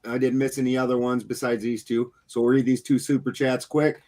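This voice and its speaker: Relaxed male livestream moderator. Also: medium pitch, a little fast, faint music behind. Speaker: debate moderator.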